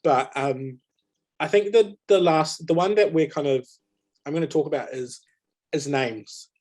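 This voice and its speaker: A man's voice: on the high side, a little slow, darkish tone. A man moderating a webinar panel over a video call, conversational, with many fillers and restarts. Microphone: video call mic.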